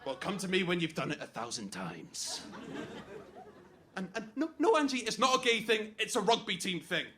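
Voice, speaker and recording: A crude, jealous best man rants his way through a wedding toast. The voice sits high and sounds bright and forward. A faint hiss runs under the recording. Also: very animated, moderate pace. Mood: taunting. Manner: crude, mocking, jealous rant. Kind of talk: comic stage monologue.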